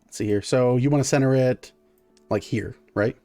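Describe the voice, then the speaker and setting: A man's voice: mid-range voice, normal speed, dark tone, soft background music. A man running a tabletop game as game master, narrating casually with lots of fillers and counting out dice rolls.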